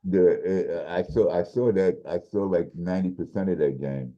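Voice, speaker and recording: A man co-hosting a sports podcast, casually breaking down football games in a measured way, restarting his sentences as he thinks. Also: deep voice. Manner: measured, explains with repeated restarts. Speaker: podcast co-host, football analyst. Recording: dull lo-fi audio.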